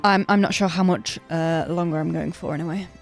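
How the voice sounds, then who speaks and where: A woman's voice: on the low side, fairly even intonation, brisk, soft background music. A young woman streaming a game, chatting casually and joking with people in the room. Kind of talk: casual livestream chat.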